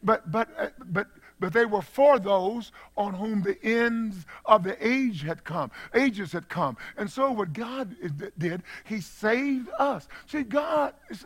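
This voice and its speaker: An older man preaching a sermon as pastor, folksy and repetitive, chuckling as he goes, dropping to hushed asides and rising to shouted exclamations. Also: high voice. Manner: folksy, repeats phrases, chuckles.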